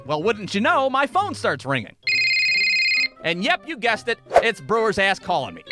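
A man telling a comedic animated story with a crude, swearing, exaggerated delivery. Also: sits high, brisk, over music.

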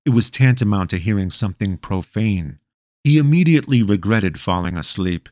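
A man's voice: lowish voice, animated, moderate pace, darkish tone, no echo. A man narrating an audiobook in a wry storytelling manner on a close studio mic. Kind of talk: scripted narration.

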